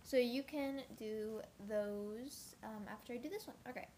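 A young woman in a casual chat, animated and playfully indignant. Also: on the high side, measured pace, a little hiss or hum.

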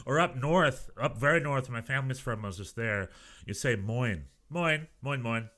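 A man's voice: medium pitch, moderate pace. A man co-hosting a podcast, chatting casually and telling rambling stories with lots of restarts. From United States. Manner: animated, rambling storyteller with many restarts. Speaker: podcast co-host. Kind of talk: casual chat.

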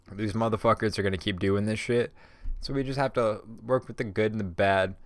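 Stoned guy ranting on his podcast, swears nonstop, kinda low voice, dry close mic. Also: no echo. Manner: profane, rambling, animated. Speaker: podcast host. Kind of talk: casual solo rant.

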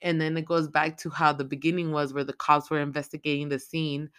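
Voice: medium pitch, brisk, clean tone. Foul-mouthed, rambling podcast host recapping a film. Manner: heavy swearing, rambling and excitable. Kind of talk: casual movie recap.

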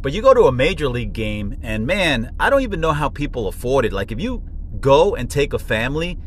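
A man hosting a casual podcast chat, blunt and quick to swear. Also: medium pitch, sing-song, a little hiss or hum. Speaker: podcast host.

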